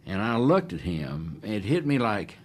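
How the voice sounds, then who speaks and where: An older man, recalling events in a documentary interview and acting out the dialogue forcefully. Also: lowish voice, sing-song, moderate pace. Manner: emphatic, acts out quoted dialogue.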